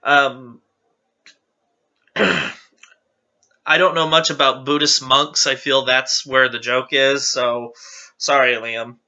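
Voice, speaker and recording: Bright-voiced man reading jokes, giggly. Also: mid-range voice, fairly even intonation, slow pace, long pauses, dull audio. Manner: chatty, giggly, self-deprecating asides. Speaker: channel host reading viewer jokes. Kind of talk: casual reading aloud to camera.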